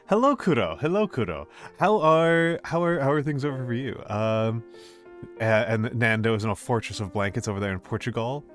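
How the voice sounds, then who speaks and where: A man with a lower voice hosts a casual live stream, talking to viewers as they drop in. He meanders, restarts, and echoes his own lines with a gentle playfulness. Faint music plays quietly in the background. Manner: rambling, repeats phrases, gently playful. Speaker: VTuber streamer.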